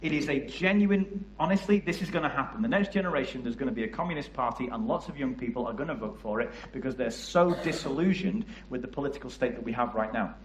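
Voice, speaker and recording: A man's voice: mid-range voice, lively intonation, quick pace, hardly any pauses. Passionate Liverpool-accented man in an echoey church. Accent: Liverpool area English. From England. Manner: passionate, asks the audience questions. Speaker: church youth worker. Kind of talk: church talk to a congregation. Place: church hall.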